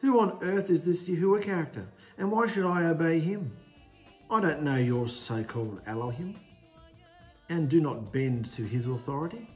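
A man's voice: on the high side, lively intonation, normal speed, faint music behind, voice pushed up, lightly acted. A man voicing a scornful, arrogant male Pharaoh who mocks and barks orders. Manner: mocking, sneering, shouting orders.

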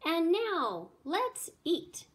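A woman's voice: on the high side, lively intonation, normal speed, slightly rough. A woman reading aloud, voicing a cheerful noble lady hostess in a storybook. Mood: excited.

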